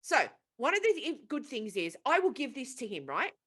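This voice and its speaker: A woman's voice: sits high, sing-song, moderate pace, fairly bright tone, breathy edge. A woman co-hosting a casual podcast, retelling a film plot in a profane, rambling way. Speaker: podcast co-host.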